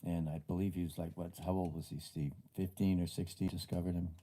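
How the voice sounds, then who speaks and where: An older man hosting a live stream, chatting casually and reminiscing in a rambling way with frequent pauses. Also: sits low, level tone, warm tone. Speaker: host and bassist. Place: home music room.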